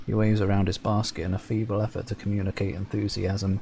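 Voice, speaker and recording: A man reading out game dialogue with wry, joking asides as he plays. His voice is gravelly and mellow, sitting at a middle pitch. A faint hiss runs under the recording. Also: level tone, fast talker, hardly any pauses. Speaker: let's play host.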